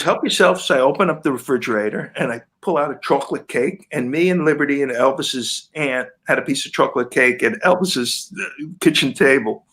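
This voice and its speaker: Older man telling a lively story. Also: mid-range voice. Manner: animated anecdote-telling, quoting people in lively voices. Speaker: guest guitarist. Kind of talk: casual storytelling in an interview.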